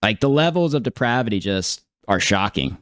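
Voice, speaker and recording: A man's voice: on the low side, animated, moderate pace, a bit bright, no echo, clean studio sound. A man giving casual reaction commentary on a stream, incredulous and laughing, with many fillers and restarts.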